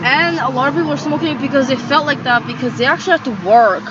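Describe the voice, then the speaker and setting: A young woman vlogger with a high voice talks fast, rambling through a casual monologue from inside a tent. She sounds agitated and leans on "like" constantly. The lo-fi audio is slightly dull, with faint background noise.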